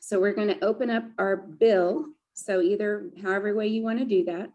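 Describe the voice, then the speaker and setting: A woman's voice: mid-range voice, steady tone, normal speed, a little mellow. A woman leading a group laughter yoga session, chatty and upbeat, often breaking into laughter. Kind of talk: guided group exercise session.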